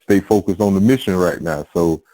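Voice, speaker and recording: Male host, very low voice, laid-back slang, stammery starts, dry mic. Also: fairly quick, dark tone, no echo, rough recording. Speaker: podcast host. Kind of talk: casual conversation.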